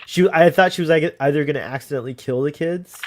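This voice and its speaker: A man's voice: fairly high pitch, fast. A man co-hosting a podcast, chatting casually and rambling with lots of "like" fillers. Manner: rambling, many "like" fillers, laughs easily. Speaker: podcast co-host. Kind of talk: casual chat.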